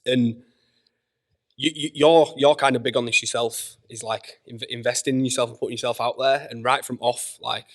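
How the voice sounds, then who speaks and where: A man's voice: mid-range voice, fairly even intonation, normal speed. Easygoing Yorkshire man, casual guest. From Leeds, England. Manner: easygoing, loose, full of fillers and "mate". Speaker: podcast guest, personal trainer. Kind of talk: casual podcast chat. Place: gym.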